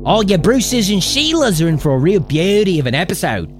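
A man's voice: high voice, sing-song, a little fast, music in the background, pitched above the performer's own voice. A man putting on an exaggerated Australian accent as a jolly, boisterous bloke co-hosting a podcast. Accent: put-on Australian. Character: over-the-top Aussie bloke host, loud and jolly. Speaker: podcast co-host.

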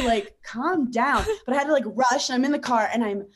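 A young woman telling a lively personal story in casual chat, with many "like" fillers. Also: fairly high pitch, moderate pace, hardly any pauses, a little hiss or hum.

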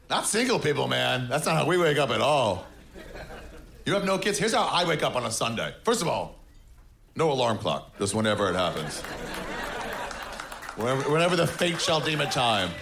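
A man doing a stand-up set on a club stage, sardonic and mocking, jumping into high shouted voices when he acts people out. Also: vocal fry. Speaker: stand-up comedian. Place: comedy club stage with audience. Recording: noisy live club recording.

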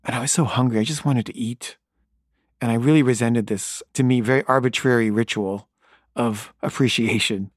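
A man's voice: medium pitch, fairly even intonation, normal speed, dry recording, clean studio sound. A man telling a wry, exasperated story in a casual monologue.

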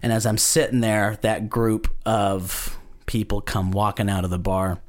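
A man's voice: on the low side, level tone, unhurried. A man who does stand-up, telling a story in casual chat, laid-back and self-deprecating, chuckling often. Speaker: stand-up comedian, guest.

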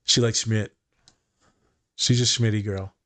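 On a podcast, a young man serving as the therapist talks casually in a lowish, slow voice. He curses freely, often repeats words as he thinks aloud, and quotes others using animated voices.

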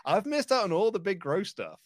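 A man's voice: sits high, very animated, fairly quick, no echo, studio quality. A man co-hosting a casual wrestling podcast, thinking aloud with restarts and laughs. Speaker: podcast co-host.

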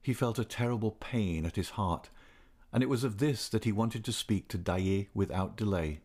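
A man reading a classic novel aloud in a measured, steady way. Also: fairly low pitch. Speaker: audiobook narrator.

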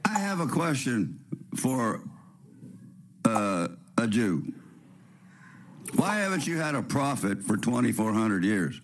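A man hosting a spiritual radio show, with a raspy voice and the sniffles from a cold. He talks in a preachy, rambling way, firing rhetorical questions and restarting his sentences. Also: medium pitch, very animated, takes it slowly, long pauses, slight background noise.

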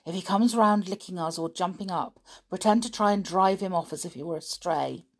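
A woman voicing an eager, bold schoolboy guide in a storybook reading, talking quickly and urgently. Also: on the low side.

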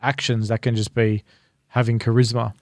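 A male co-host asks calm follow-up questions at a middling pitch. The sound is dry and close, with no room echo. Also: moderate pace. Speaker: co-interviewer. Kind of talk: casual interview chat.

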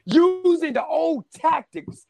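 A man preaching a shouted, rhythmic call-and-response sermon, with frequent "amen.". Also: extremely high pitch, takes it slowly, creaky.

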